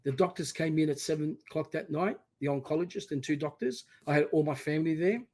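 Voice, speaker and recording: A middle-aged man, appearing as a podcast guest, recounts his personal story emphatically and animatedly, often quoting things he said. His voice is on the high side and quick.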